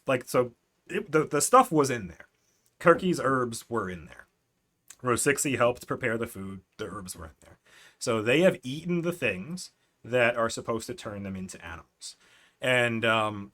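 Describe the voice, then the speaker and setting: A man's voice: medium pitch, pushed and bright. A man streaming as a game master, casually recapping his last tabletop session in a rambling, self-correcting way with frequent laughs.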